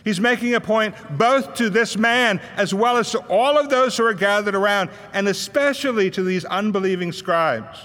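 High, bright-voiced preacher in an echoing hall. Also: male voice, moderate pace, few pauses. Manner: storytelling, acts out the voices of people in the Bible story. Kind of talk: sermon.

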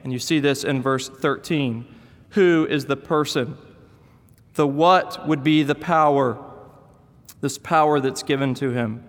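A man's voice: mid-range voice, a little slow, long reverb tail. A man preaching a sermon in a conversational, storytelling manner. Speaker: pastor.

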